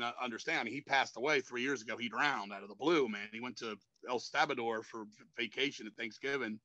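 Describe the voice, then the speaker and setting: A man's voice: mid-range voice, pushed and bright, dry recording, rough recording. A man in his fifties, a metal frontman, telling stories in a rambling, profane way and ending lines with "man". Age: 50s. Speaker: metal band frontman, guest. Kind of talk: casual interview storytelling.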